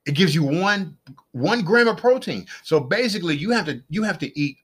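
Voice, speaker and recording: Here a middle-aged podcast host runs his laid-back solo show, rambling along, circling back over the same points and bursting into excited outbursts. He speaks briskly in a fairly high, slightly rough voice.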